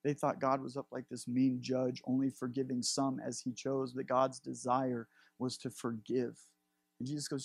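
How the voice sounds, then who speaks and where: Husky-voiced preacher man. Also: medium pitch, little pitch movement, moderate pace, no room sound. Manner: earnest, building emphasis. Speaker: pastor. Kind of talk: sermon.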